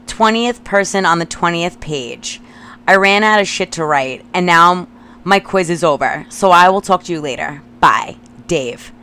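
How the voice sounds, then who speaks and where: Podcast host, woman, thirties, slightly low voice, reads old notes aloud, salty and giggly commentary. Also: unhurried, sharp tone, clean tone. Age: 30s. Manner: profane, giggly asides.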